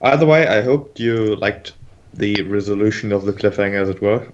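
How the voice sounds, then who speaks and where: Lo-fi game master, measured explainer. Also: male voice, on the low side. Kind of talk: explaining tabletop game rules.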